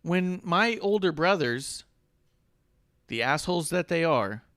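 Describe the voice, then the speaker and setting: A man's voice: fairly high pitch, animated, slow, fairly bright tone, no room sound, studio quality. Joking, profane man with a raised voice. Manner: profane, joking, rambling banter. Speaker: podcast co-host. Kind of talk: casual wrestling podcast chat. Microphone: podcast microphone.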